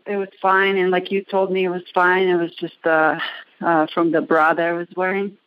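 A woman's voice: fairly low pitch, little pitch movement, moderate pace, muffled recording. A woman calling in from a gym bathroom, out of breath and hesitant, searching for her words. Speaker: caller.

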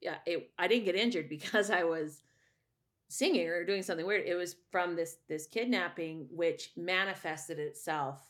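A woman's voice: lowish voice, normal speed. A middle-aged woman, a voice teacher and singer, telling a personal story candidly in a rambling way with many restarts.

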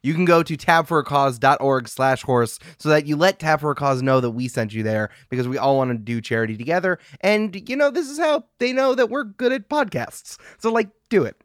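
A man's voice: on the high side, a little fast, few pauses, no room sound, studio quality. A man co-hosting a podcast, trading wry, teasing quips about basketball in casual chat. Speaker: podcast co-host.

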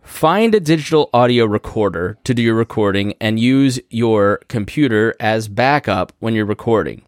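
A man hosting a podcast, casually explaining recording step by step with quick asides, from a studio microphone. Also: fairly low pitch, no echo. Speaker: podcast host. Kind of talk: casual instructional talk. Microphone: studio podcast microphone through a mixer.

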